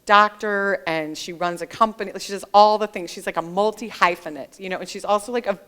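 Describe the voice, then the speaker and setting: A woman author in an onstage interview, telling animated stories and acting out the dialogue. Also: medium pitch, a little fast, clean tone. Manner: animated storyteller who acts out quoted dialogue. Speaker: author guest. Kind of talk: conversational interview at a library event. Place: library author event.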